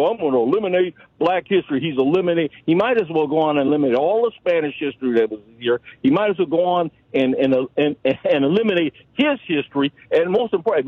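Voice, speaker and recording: A man's voice: a little high, sing-song, fast talker, few pauses, slightly rough, no room sound. A man calling in to a radio show, impassioned and rambling, stumbling over and repeating words. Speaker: radio caller. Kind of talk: call-in radio talk. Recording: tinny phone line.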